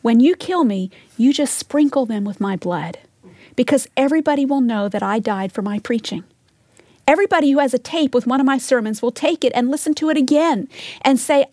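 A woman teaches from the Bible in an earnest, measured voice that sits a little high. She leans into key phrases and sometimes sinks to a soft whisper. The recording is close and dry, with no room sound. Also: animated, no echo.

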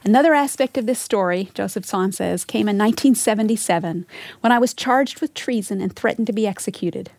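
A woman's voice: mid-range voice, a little mellow, no echo. Earnest woman teaching, dry close sound. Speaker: Bible teacher. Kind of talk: recorded Bible teaching.

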